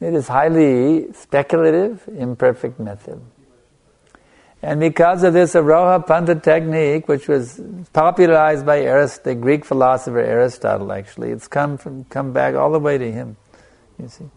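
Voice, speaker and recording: A man giving a sermon as a spiritual teacher, stressing points by repetition and letting a soft "you see" trail off after them. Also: a little high, moderate pace, vocal fry. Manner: emphatic, repeating phrases for stress.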